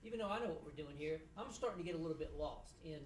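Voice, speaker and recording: A middle-aged man, a judge, giving halting feedback with dry humor to students after a mock trial in a courtroom. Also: on the high side, lively intonation, a little hiss or hum. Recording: echoey room, voice from a distance.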